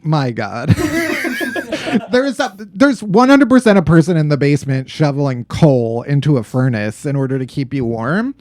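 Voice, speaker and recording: A chatty man hosting a comedy podcast, with a high voice that bounces all over. He laughs often and riffs freely. The sound is dry and close. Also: very animated, measured pace, a little mellow, no room sound. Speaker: podcast host. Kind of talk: casual comedic podcast monologue.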